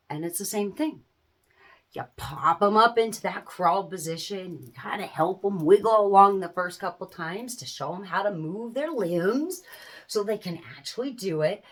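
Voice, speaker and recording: Middle-aged woman, casual to-camera chat, folksy and animated, very lively intonation, laughs often. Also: mid-range voice. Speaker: small business owner giving parenting advice.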